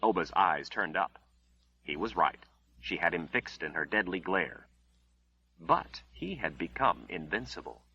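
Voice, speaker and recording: A man narrating an audiobook in a measured, dramatic storytelling manner. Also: sits low, sing-song, gravelly, bright, forceful tone, breathy edge, highs cut off.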